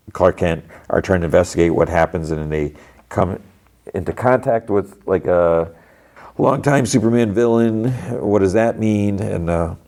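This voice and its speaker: A man with a very low voice, the host of a podcast, recapping in a loose, rambling way. He leans on "like" and restarts his sentences often. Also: a little mellow. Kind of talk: casual recap chat.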